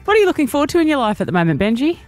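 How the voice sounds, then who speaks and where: Brief: Australian woman, breakfast-radio co-host, bubbly, fairly high and very lively voice. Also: faint music behind. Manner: bubbly, quick to laugh.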